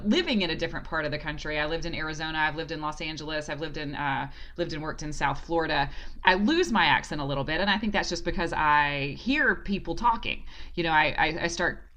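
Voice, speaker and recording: A woman in her forties with a Southern American accent talks as a guest on a podcast. Her voice sits a little low. She speaks reflectively, often restarts her sentences, and laughs easily. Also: fairly bright tone. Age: 40s. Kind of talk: casual interview talk.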